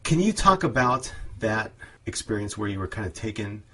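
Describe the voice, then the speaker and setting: A man's voice: lowish voice, very animated, moderate pace, a bit bright. Reflective male interviewer. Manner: reflective, searching phrasing. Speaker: interview host. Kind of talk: interview questions.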